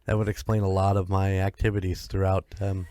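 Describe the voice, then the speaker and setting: A man's voice: deep voice, level tone, brisk, warm tone. A man co-hosting a casual paranormal podcast, joking at his own expense and swearing now and then. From United States. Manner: self-deprecating, swears casually, laughs often. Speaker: podcast co-host.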